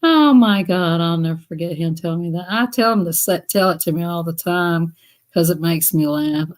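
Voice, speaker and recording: A woman's voice: on the low side, moderate pace. Chatty woman laughing through her stories. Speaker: live streamer. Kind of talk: casual storytelling chat.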